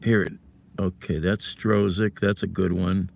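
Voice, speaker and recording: A man's voice: deep voice, little pitch movement, unhurried, creaky, darkish tone. Angry, profane man ranting on a livestream. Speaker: livestream host. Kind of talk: casual livestream rant. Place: in a car.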